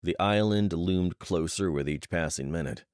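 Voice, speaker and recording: A man narrating a thriller audiobook in steady, measured storytelling. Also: sits low, clean tone, dry recording, studio quality.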